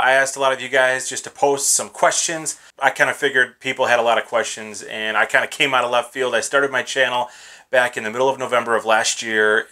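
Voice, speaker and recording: A man's voice: mid-range voice, bright, forceful tone. A man in his thirties hosting a casual Q&A vlog from his home studio, chatty and upbeat, with lots of "kinda" and "uh". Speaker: YouTube channel host. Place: small home studio with gear bins behind.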